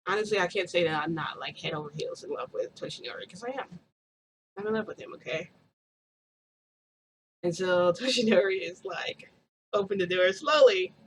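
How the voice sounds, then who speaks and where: A woman's voice: fairly low pitch, normal speed, long pauses, slight background noise. A woman vlogger telling a story to her viewers in a chatty, gushing way, often giggling and calling them "guys".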